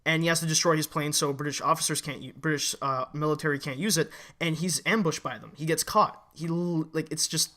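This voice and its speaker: A man co-hosting a casual movie review chat, excitable and blunt, swearing freely and talking in quick bursts. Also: fairly high pitch.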